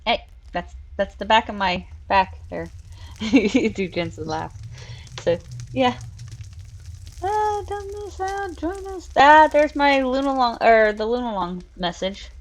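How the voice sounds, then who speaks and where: Speaking a little slowly in a mid-range voice, a streamer and show host chats and laughs through a relaxed live stream, building in a virtual world and cooing at her cats.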